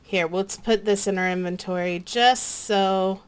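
A woman hosting a gaming channel, chatting casually and excitably as she plays alongside a partner. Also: mid-range voice, measured pace, smooth. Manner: bubbly, excitable, chatters to herself. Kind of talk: casual gameplay chat.

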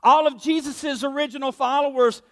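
A man's voice: very high-pitched, steady tone, moderate pace, fairly bright tone, big-room sound. A male pastor preaching a sermon, emphatic and conversational, acting out the voices in his stories. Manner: emphatic, conversational, acts out quotes.

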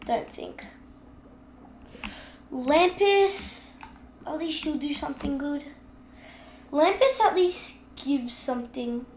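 A woman giving casual gameplay commentary, chatting along and scolding the fish in the game out loud while she has the hiccups. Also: high-pitched, expressive, slow, reverberant, slight background noise. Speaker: gaming video host.

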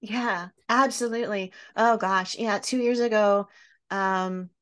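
A woman's voice: mid-range voice, steady tone, takes it slowly. Tender, reflective woman podcast host. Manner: tender, reflective, voice soft when near tears. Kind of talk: heartfelt interview conversation.

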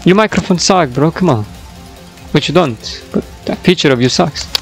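Young guy rambling over his gameplay at his pc, kinda high voice, giggles a lot, faint music under it. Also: normal speed, rough recording. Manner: rambling and giggly, gets loud and excited. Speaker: gaming YouTuber. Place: home computer setup. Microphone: desktop microphone.

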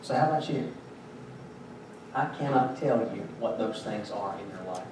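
A man's voice: on the low side, moderate pace. A man preaching a sermon as pastor, in a conversational, joking storytelling way. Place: church sanctuary. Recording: very echoey church, distant mic, background noise.

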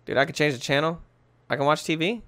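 A man's voice: a little high, fast talker, smooth, dry recording. Jokey young-sounding gamer guy commentating. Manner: animated and jokey, talking to himself. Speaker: gamer commentating a let's play. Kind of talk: casual gameplay commentary.

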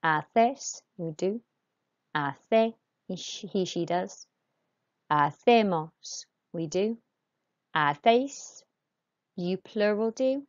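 A woman teaching a recorded Spanish lesson, giving clear, patient instructions and saying Spanish words aloud. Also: medium pitch, animated, very slow, long pauses, lo-fi sound.

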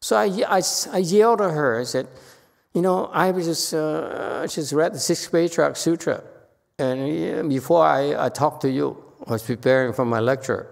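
A man's voice: a little high, moderate pace, vocal fry, long reverb tail. A man, a Buddhist monk, giving an informal sutra lecture and acting out the people in his stories. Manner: animated storytelling, acting out quotes. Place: temple lecture hall.

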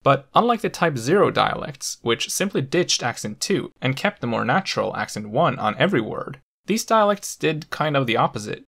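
A man narrating a scripted language lesson, explaining clearly with the odd playful aside. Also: mid-range voice, big pitch swings, moderate pace, few pauses, a bit bright. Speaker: language educator.

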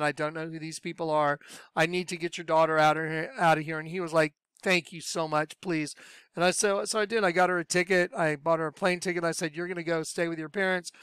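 A man telling his personal religious testimony in a lively storytelling way, acting out what he said back then. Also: on the high side, clear, resonant tone, dry recording, studio quality. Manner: animated storyteller, acts out his own past voice. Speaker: speaker sharing a religious testimony.

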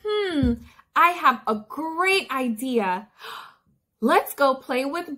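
A woman's voice: high-pitched, animated, very slow, bright, forceful tone. A woman speech therapist reading a picture book aloud to toddlers in a sing-song way with gasps of wonder.

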